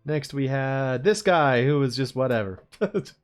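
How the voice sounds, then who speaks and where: A man's voice: mid-range voice, lively intonation, unhurried, clear, resonant tone, soft background music. A man streaming as he draws, chatting in a rambling, laid-back way and chuckling to himself. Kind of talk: casual chat while drawing.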